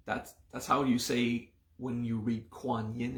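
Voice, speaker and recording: A male meditation teacher talks slowly, with a gravelly, creaky edge to his mid-pitched voice. He keeps checking in with his students as he explains. The sound carries an echoey, roomy reverb. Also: flat delivery, fairly bright tone. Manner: unhurried, often checks in with "okay?". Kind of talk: live class explaining a mantra and mudra.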